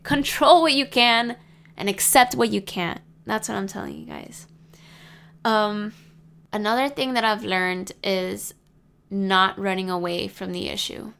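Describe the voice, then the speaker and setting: Young adult woman, casual advice vlogger, smooth, confiding delivery. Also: mid-range voice, fairly bright tone. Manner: candid, confiding, swears freely.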